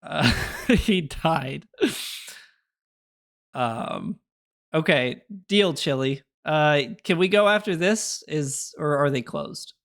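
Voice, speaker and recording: A man's voice: fairly high pitch, slow, long pauses, a bit bright. A young man chatting casually on a live stream, rambling through opinions and answering his chat with little laughs.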